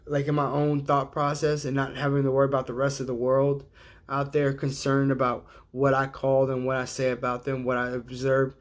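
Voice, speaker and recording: Rambling, profane middle-aged man on a livestream. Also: fairly high pitch. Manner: rambling, profane, chuckles at his own jokes. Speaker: livestream host. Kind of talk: casual livestream monologue.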